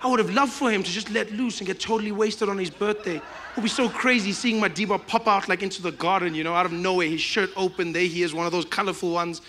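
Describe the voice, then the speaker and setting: A male stand-up comedian with a high, bright voice tells an animated story and acts out the scenes as he goes. He laughs through his lines, and a faint hiss runs underneath. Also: fast.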